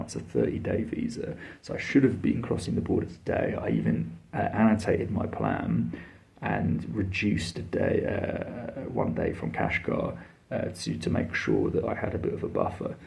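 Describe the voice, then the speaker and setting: A man's voice: lowish voice, vocal fry, dark tone. A man tells a travel story in a casual, blunt and sweary way, full of fillers and exasperation. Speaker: travel vlogger.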